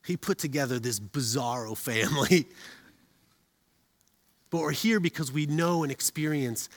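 A middle-aged man preaching a sermon as a pastor, telling stories with humor and animated delivery. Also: medium pitch, a little slow. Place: church auditorium. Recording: reverberant hall.

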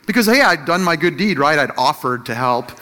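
A middle-aged Christian teacher or pastor with a strikingly high voice preaches by telling a personal story straight to his listeners, restarting often and laughing softly. Animated, he acts out each quote, then shifts to a gentler, slower voice to make his points, with a faint hiss or hum in the audio.

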